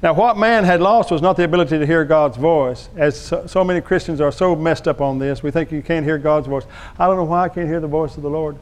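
Emphatic pastor guy preaching, kinda high voice, smooth and clear. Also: brisk, hardly any pauses. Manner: emphatic, preachy, calls the congregation to respond. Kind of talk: sermon.

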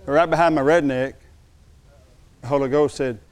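An older man preaching a sermon, telling a personal story, slowing for emphasis and dropping to a quiet, moved tone. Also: a little high, fairly even intonation, clean tone. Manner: storytelling, slows down for emphasis, drops to a hushed tone when moved. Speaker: pastor.

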